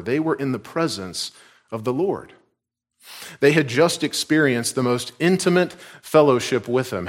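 A man from Georgia delivers a sermon in a mid-range voice. He presses hard on key words, then lets each phrase sink low and quiet at its close. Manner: earnest, emphatic, drops low and soft at line ends. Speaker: preacher.

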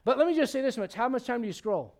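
A man with a high, light voice preaches in an animated, chatty way. He jumps between scripture and everyday asides, often restarting his sentences as he goes. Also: quick pace. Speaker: pastor. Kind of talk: sermon.

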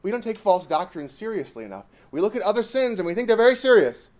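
A man's voice: sits high, lively intonation, quick pace, darkish tone. A man preaching a sermon, emphatic and repetitive, pressing points with rising exclamations.

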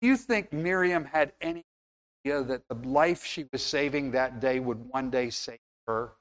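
A man's voice: medium pitch, moderate pace. A man preaching a sermon in an earnest, conversational way, now and then acting out little scenes.

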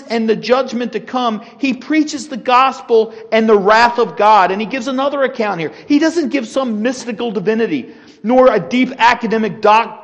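Emphatic high-voiced man preaching in a hall. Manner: emphatic, acts out quotes with rising force. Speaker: Sunday school teacher. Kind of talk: sermon. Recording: long echo in a large hall.

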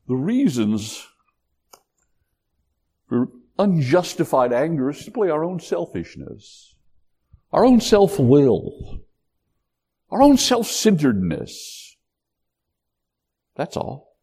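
A man preaching a sermon in an animated, emphatic way. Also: on the high side, slow pace, pauses often, husky. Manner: animated, emphatic, acts out quotes.

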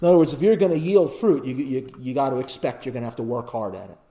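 Preaching at a quick pace in a medium-pitched voice, a pastor builds to loud, emphatic repetitions, then sinks into quiet pleading. He often turns to his listeners with "right?"

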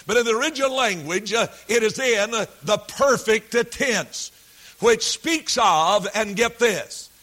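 A man's voice: sits high, sharp tone. A man preaching a sermon, reading scripture aloud and repeating key phrases with frequent fillers. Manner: slow, deliberate delivery, repeating key phrases and verse references.

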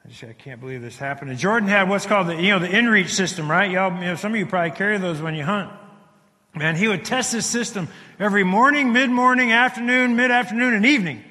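A man telling a dramatic survival story to a live audience, halting and repeating words as he swings between hushed and loud. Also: high voice. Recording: long hall reverb.

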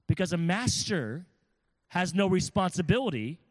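A man preaching a sermon, reading scripture aloud and explaining it, with swings between loud emphasis and hushed asides. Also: high voice, sing-song, normal speed, big-room sound. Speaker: pastor.

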